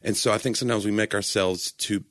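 Low-voiced man in earnest chat. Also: fairly even intonation, fast, fairly bright tone, no echo, clean studio sound. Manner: earnest, rambling, self-correcting. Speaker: entertainer and church speaker. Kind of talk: casual faith conversation.

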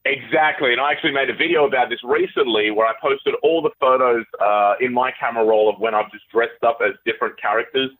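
A man calling in as a guest, explaining a social media trend in a relaxed way. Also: medium pitch, fast talker, few pauses, a little hiss or hum. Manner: relaxed explaining, with uh fillers and laughs. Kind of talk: casual explainer chat. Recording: phone line.

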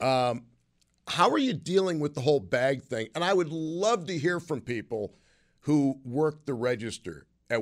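Hoarse, hiccuping radio host; chatty, self-deprecating. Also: male voice, medium pitch. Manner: chatty, self-mocking, wry. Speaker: radio talk show host. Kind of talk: call-in radio talk.

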